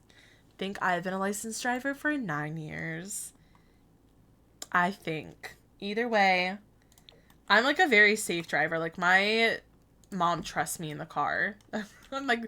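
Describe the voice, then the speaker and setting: A woman's voice: mid-range voice, expressive, takes it slowly, long pauses, sharp tone. A woman in her twenties chatting casually while streaming a game, telling stories with frequent laughs and quoted asides. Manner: chatty storytelling, laughing often, quoting herself.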